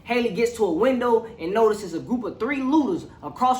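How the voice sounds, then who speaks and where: Reviewer with a mid-pitched voice, slangy and animated plot recap, roomy echo. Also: normal speed. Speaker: movie reviewer.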